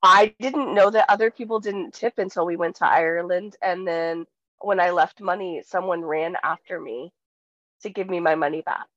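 A woman's voice: on the low side, normal speed, fairly bright tone, dry recording, dull audio. A woman co-hosting a podcast in casual chat, blunt and teasing. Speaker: podcast co-host.

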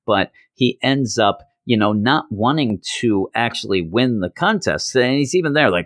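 A man hosting a podcast, giving a casual, animated comic book recap and slipping into character voices. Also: mid-range voice, normal speed, few pauses, no room sound, clean studio sound. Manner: animated storytelling, jumps into voices. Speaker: podcast host.

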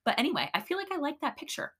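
A woman's voice: high voice, big pitch swings, racing, fairly bright tone. A middle-aged woman co-hosting a casual faith podcast, talking earnestly and emphatically, laughing often. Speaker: podcast co-host.

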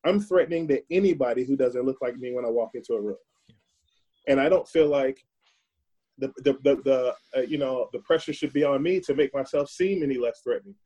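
A man speaks earnestly at length in a conversational way, often repeating words while he looks for the next one. His voice is husky, with a dark, mellow tone. His pitch is in the ordinary middle range for a man. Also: brisk. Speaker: podcast guest. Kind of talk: conversational, reflective monologue.

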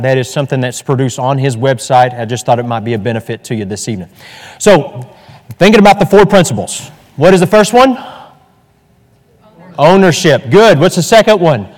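In a church hall, a male pastor teaches an evening lesson in a folksy, chatty manner packed with fillers and restarts. He speaks fairly quickly with a medium-pitched, animated voice, and the hall is echoey.

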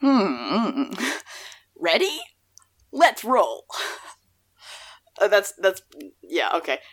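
A young woman co-hosting a podcast, chatting casually about song lyrics in a rambling, self-deprecating way, her voice still rough from the morning. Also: mid-range voice, sing-song, very slow. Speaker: podcast co-host.

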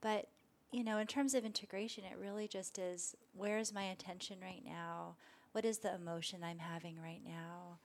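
Gentle, thoughtful woman guest. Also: lowish voice, moderate pace, creaky. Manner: gentle, thoughtful, animated when telling stories. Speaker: meditation teacher, guest. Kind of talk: conversational interview.

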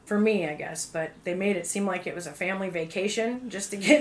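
Woman, young adult, casual storytelling, filler-heavy, animated quoting. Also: mid-range voice, fairly quick, hardly any pauses, crowd noise. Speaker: guest sharing testimony.

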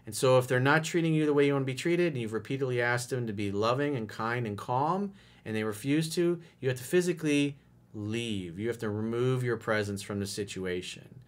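A man's voice: medium pitch, fairly quick. A man giving blunt relationship advice in a monologue, answering a listener's letter and swearing freely as he acts out lines of dialogue. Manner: blunt, direct and profane, acting out lines of dialogue.

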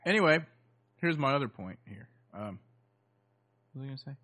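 A man co-hosting a podcast in casual chat. He jokes around and loses his train of thought, and his voice is hoarse. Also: medium pitch, animated, fairly quick, pushed and bright. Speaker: podcast co-host.

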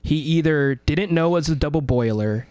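A man co-hosting a casual radio talk show, telling an animated story full of swearing, shouting out the dramatic parts. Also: on the high side, moderate pace, clean tone, no room sound. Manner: animated, swearing, acts out his own yelling in the story.

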